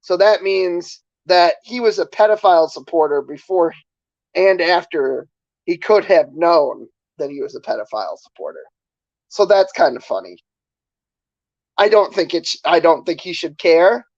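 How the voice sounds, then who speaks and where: A man's voice: on the high side, lively intonation, normal speed, darkish tone, no room sound, muffled recording. A man streaming, ranting casually to his chat in a sarcastic, profane, rambling way. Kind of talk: casual livestream rant to chat.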